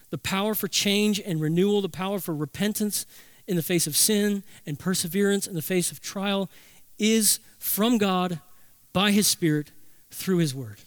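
High-voiced man preaching a sermon. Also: dry recording. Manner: emphatic preaching, slows down for key phrases. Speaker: pastor.

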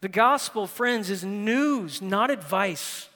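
A man preaching a sermon from the pulpit, swinging between impassioned loud passages and hushed storytelling. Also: sits high, expressive, takes it slowly. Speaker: pastor. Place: large church sanctuary. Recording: long reverb of a large hall.

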